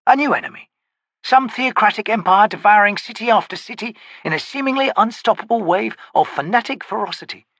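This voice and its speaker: A man's voice: high-pitched, lively intonation, brisk, a bit bright, dry recording, voice pushed up, full character voice. A man voicing a wary, wry male wizard for an audiobook, talking to himself in a sardonic way.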